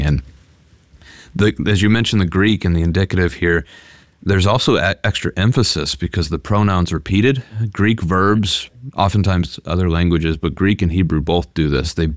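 Very deep-voiced pastor. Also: male voice, no echo, clean studio sound. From United States. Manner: earnest, explanatory, restarts phrases often. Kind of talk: conversational Bible study discussion.

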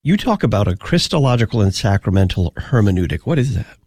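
A man hosting a radio interview show, introducing his guest in a measured, formal way. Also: fairly low pitch, sing-song, a little mellow, slightly rough, no echo.

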